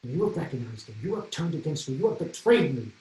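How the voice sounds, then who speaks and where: A man's voice: a little high, very animated, fast talker, warm tone, recorded from a distance. A man acting out an overbearing king who commands and threatens. The voice sits off mic, with a roomy echo around it. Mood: imperious. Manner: commanding, bullying. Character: imperious domineering male English king.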